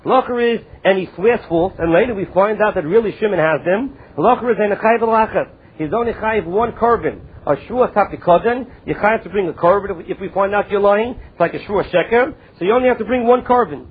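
High-voiced man teaching Talmud, tinny sound. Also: husky. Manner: reads Aramaic text slowly, then explains in English. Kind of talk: Talmud study lecture. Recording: tinny phone-like lo-fi recording.

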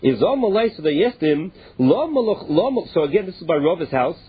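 Husky high-voiced man teaching Talmud, tinny. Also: very animated, brisk. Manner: reads Aramaic phrases then paraphrases each in plain English. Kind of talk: explaining a Talmud passage. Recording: tinny phone-line sound.

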